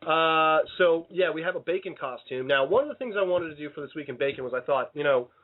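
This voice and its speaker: A man's voice: fairly high pitch, expressive, fast talker. A man hosting a casual radio show, rambling and playful, often cutting himself off mid-sentence. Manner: rambling, self-interrupting, playful. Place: radio studio. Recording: tinny phone-like sound.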